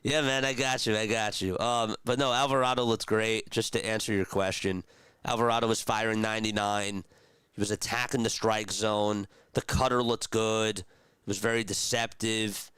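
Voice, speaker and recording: A young man calling a game play-by-play on a live stream, chatty and rambling between pitches and talking to his viewers. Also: steady tone, normal speed, a bit bright, clear, resonant tone, no echo. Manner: chatty, rambling asides between calls, talks to chat. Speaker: streamer doing radio-style play-by-play.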